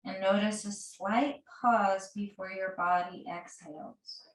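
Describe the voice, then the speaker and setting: A woman teaching a guided restorative yoga class, giving gentle, soothing cues and counting breaths slowly. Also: mid-range voice, fairly even intonation, distant mic. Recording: roomy echo, voice a bit off-mic.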